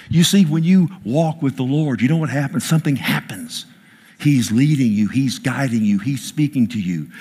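A man preaching a sermon to a congregation from a stage, emphatic, quoting scripture and calling out for amens. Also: medium pitch. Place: church before a congregation.

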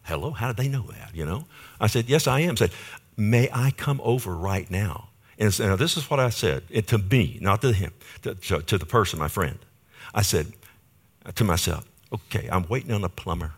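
A middle-aged male pastor telling a personal story in a sermon, animated, swinging from loud bursts to hushed near-whispers. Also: lowish voice, normal speed, slightly rough.

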